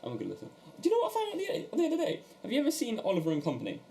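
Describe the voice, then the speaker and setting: Young man, London accent, casual podcast chat, lively pitch, faint background hiss. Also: very fast. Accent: London English. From London, England. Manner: joking, animated, swears freely. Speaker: podcast co-host.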